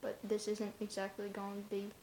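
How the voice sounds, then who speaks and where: A woman's voice: medium pitch, monotone, normal speed, warm tone, slight background noise. A woman talking in a casual vlog monologue, rambling and offhand, in loose run-on asides. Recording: roomy echoey room.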